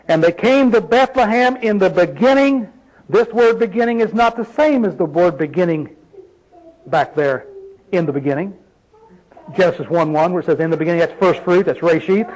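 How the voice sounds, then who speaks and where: High-voiced folksy preacher man. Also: darkish tone, a little hiss or hum, low-quality recording. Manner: emphatic, folksy preaching with rhetorical questions. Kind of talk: sermon.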